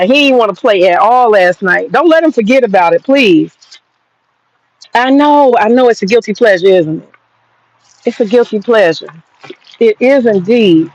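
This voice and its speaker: A woman's voice: fairly high pitch, lively intonation, moderate pace, long pauses, low-quality recording. A woman hosting a casual livestream from her home garden, chatty and profane and laughing often. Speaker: livestream host.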